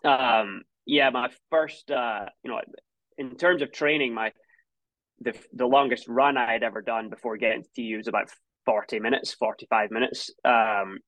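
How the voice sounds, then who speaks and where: A Scottish man in his thirties chats as an interview guest, often stopping and restarting his sentences. The recording is dry and close, with no room sound. His pitch sits in a middling range for a man. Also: fairly even intonation, normal speed, fairly bright tone, no echo, low-quality recording. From Scotland. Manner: rambling with many restarts and fillers. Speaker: guest, former college runner. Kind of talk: casual interview conversation.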